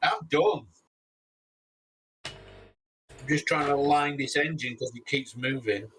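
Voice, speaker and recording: A man's voice: mid-range voice, steady tone, unhurried, fairly bright tone, recorded from a distance, soft background music. A man with a British accent chatting in a dry, matter-of-fact way while building a model. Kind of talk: casual chat while building.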